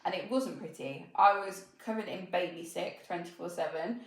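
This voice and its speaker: A woman's voice: fairly low pitch, moderate pace, very echoey, poor audio. A woman co-hosting a podcast, frank and encouraging toward her co-host. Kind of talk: supportive conversational podcast chat.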